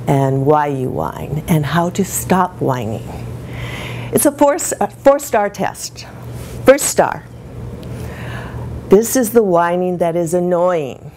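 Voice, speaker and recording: An older woman past sixty gives a comic character talk before a live audience, laughing along as she tells stories that poke fun at herself. Her voice is on the low side with a darkish tone, and there's a faint hiss or hum in the background.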